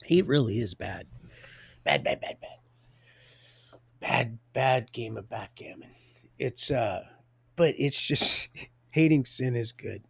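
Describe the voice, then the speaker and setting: A man's voice: mid-range voice, expressive, slow pace, gravelly, long pauses, slightly rough, no room sound. A man hosting a live stream, telling a faith story in a rambling way, often laughing mid-sentence and repeating his words.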